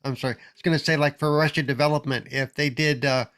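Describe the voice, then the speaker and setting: A man on a podcast panel chimes in with a voice a little higher than most men's. He jokes and laughs easily in casual chat. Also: steady tone, fast, fairly bright tone.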